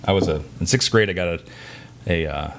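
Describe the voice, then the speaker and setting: A man's voice: sits low, slight background noise. A man co-hosting a podcast, chatting casually and telling stories from his working life. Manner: storytelling, quick and chatty. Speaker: podcast co-host, massage therapist. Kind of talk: casual chat.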